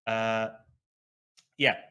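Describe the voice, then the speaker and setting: A man's voice: fairly low pitch, little pitch movement, extremely slow, bright, forceful tone. A man playing a duet tabletop game, talking with a lot of hesitant fillers and a playful tone. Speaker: player.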